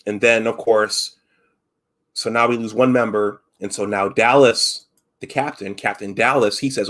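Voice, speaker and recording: A man's voice: fairly low pitch, fairly even intonation, normal speed, fairly bright tone. A man hosting a casual live stream, retelling film scenes with frequent restarts and acted-out quotes. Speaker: host.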